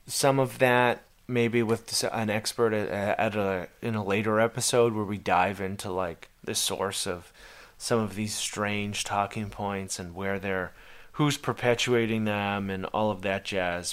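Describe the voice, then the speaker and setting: A man's voice: on the low side, fairly bright tone, smooth. A man hosting a podcast, talking casually and hesitantly, often trailing off and restarting his sentences. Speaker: podcast host. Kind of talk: casual conversation.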